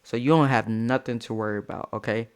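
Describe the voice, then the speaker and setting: A man telling a casual storytime, jumping to high squeals of disbelief and dropping to low mutters, laughing through it. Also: fairly even intonation, fast, clean tone. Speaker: storyteller vlogger.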